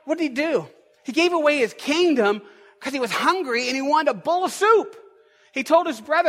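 A man with a strikingly high voice preaches to his congregation, his pitch swinging up and down as he builds his points. His emphatic, repeated phrases roll out into the long echo of a large church hall. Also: animated, normal speed, sharp tone. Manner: emphatic, repetitive preaching cadence. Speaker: pastor. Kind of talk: sermon. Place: church sanctuary.

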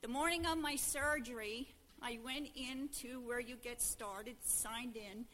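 Older woman, Pennsylvania Dutch accent, unhurried, bright tone, faint background hiss, church testimony. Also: on the high side. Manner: slow, homely storytelling. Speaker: church member addressing the congregation. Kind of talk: personal testimony speech. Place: church service.

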